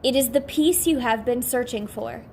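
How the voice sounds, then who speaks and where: A calm blue man guiding souls, read by a woman. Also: a little high, vocal fry, a little hiss or hum. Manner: gentle, measured explaining. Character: calm, patient blue man, a heavenly guide.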